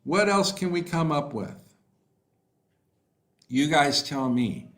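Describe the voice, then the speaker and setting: Unhurried, encouraging male online tutor. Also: fairly high pitch, expressive, fairly bright tone. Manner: encouraging, praises students by name, unhurried with fillers. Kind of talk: live online class, reading chat replies.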